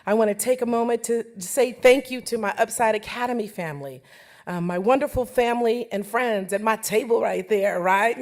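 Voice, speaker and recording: A woman's voice: on the high side, moderate pace. A woman in her forties giving an emotional acceptance speech at a banquet, laughing often and joking with the audience. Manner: warm, laughing often, playful asides to the audience.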